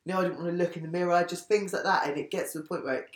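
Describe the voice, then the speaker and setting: A woman's voice: lowish voice, fairly even intonation, rapid-fire. A woman guesting on a podcast, chatting candidly and rambling with frequent restarts. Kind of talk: casual chat. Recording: echoey room.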